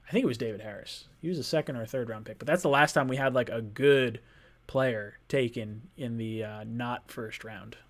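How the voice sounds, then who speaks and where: A male podcast host runs a live-stream sports podcast, chatting casually and playfully with his chat in quick bursts at medium pitch.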